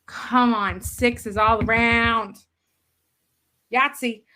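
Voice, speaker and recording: Bright, slow-talking woman player rambling. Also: on the high side, fairly even intonation. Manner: rambling, full of filler words and giggles. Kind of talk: casual tabletop game play.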